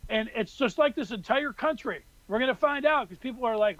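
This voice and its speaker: A high-pitched man co-hosts a casual sports podcast and rambles on in an exasperated tone. His voice is recorded dry and close, with a slightly dull, muffled sound. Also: a little fast, fairly bright tone, dry recording. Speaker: podcast co-host.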